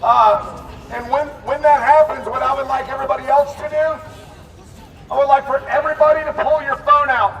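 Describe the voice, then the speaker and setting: A high-pitched man addresses a protest crowd on a city street, impassioned and swearing freely as he rallies them. He stands well back from the mic, and his voice rings with a long, roomy echo. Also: steady tone, brisk, fairly bright tone, slight background noise. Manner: impassioned, profane, rallying. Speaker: protest organizer. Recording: roomy, distant street reverb.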